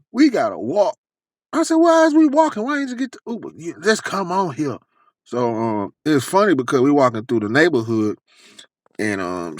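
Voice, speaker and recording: Animated, foul-mouthed man telling a story. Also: mid-range voice, no room sound. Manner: animated, profane, lots of quoted dialogue. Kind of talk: casual storytelling.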